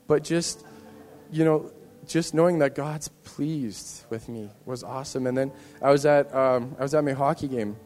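A man's voice: medium pitch, normal speed, darkish tone, big-room sound. A man in a church giving an earnest, rambling personal testimony to the congregation, often restarting his sentences. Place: church hall.

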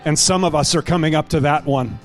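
A man's voice: fairly high pitch, fairly quick, faint music behind. A male pastor exhorting a congregation and then praying, earnest and urgent, building in intensity. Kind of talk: sermon and prayer.

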